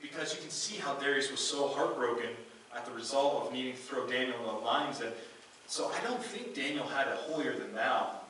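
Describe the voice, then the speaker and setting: A man's voice: medium pitch, brisk, a bit bright, a little hiss or hum. A man preaching a sermon in a conversational way, often restarting his sentences. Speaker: pastor. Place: church sanctuary. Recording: echoey room, voice from a distance.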